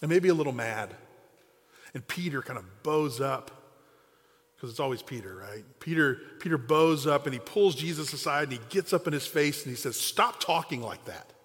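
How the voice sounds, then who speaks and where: A man's voice: fairly high pitch, normal speed. A man preaching a sermon, telling stories in a conversational way and acting out the quoted lines. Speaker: pastor. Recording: long hall reverb.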